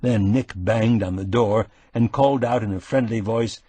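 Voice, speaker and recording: A man narrating a cozy mystery audiobook in an even, measured storytelling way. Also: fairly low pitch, breathy edge, no echo.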